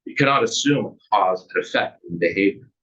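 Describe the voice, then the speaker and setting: A man's voice: on the low side, lively intonation, a little fast, a bit bright. A man, an author, reading aloud from his memoir in an earnest, plain way, with casual asides. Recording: distant, muffled recording.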